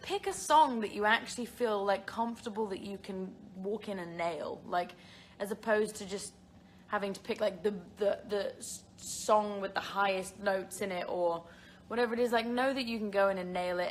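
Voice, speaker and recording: With a medium-pitched voice and a little hiss or hum in the recording, a young woman from England, an actress, reads fan questions and chats casually over a phone livestream. She laughs frequently and uses filler words.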